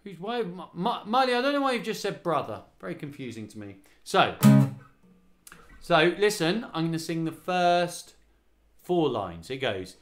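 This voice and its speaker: A man's voice: a little high, animated, normal speed, fairly bright tone. A man in his forties leading a livestreamed children's singing rehearsal, singing lines and counting the children in with chatty encouragement. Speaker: children's choir leader. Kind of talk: live online singing rehearsal. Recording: home livestream with guitar. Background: acoustic guitar he plays.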